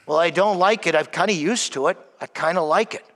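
A man's voice: on the high side, fairly quick, fairly bright tone. A man voicing a hesitant man who hedges and makes excuses, in a reverberant hall. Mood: hedging. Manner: hedging, making excuses. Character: hesitant man clinging to his sin.

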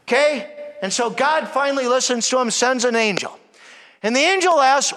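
High-voiced emphatic preacher in a church. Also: male voice, animated, normal speed. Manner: emphatic, repeatedly addresses "everyone", drops soft for emphasis. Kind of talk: sermon. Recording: long hall reverb.

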